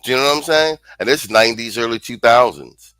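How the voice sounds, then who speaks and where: A man's voice: mid-range voice, brisk, bright, forceful tone, clean tone, dry recording, faint music behind, rough recording. Blunt slangy male show host. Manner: blunt, slangy, reads chat comments aloud. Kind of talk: casual commentary reacting to clips.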